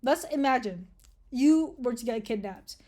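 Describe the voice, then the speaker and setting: A woman's voice: a little high, animated, a little slow, warm tone. Profane, rambling woman vlogger. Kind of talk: casual vlog rant.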